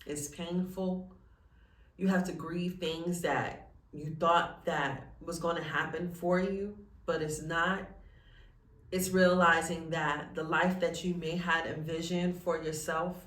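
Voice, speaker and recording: A woman's voice: fairly low pitch, steady tone, takes it slowly, a bit bright, roomy sound, distant mic. A woman telling her own story in a personal vlog, earnest and close to tears as she talks about faith. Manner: tearful, earnest and faith-filled. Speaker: vlogger.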